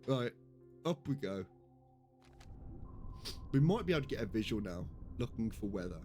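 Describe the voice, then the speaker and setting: A man's voice: medium pitch, animated, moderate pace, pauses often, mellow, faint music behind. A young British man giving casual live commentary on a game, chatty and giggly, swearing now and then. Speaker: streamer.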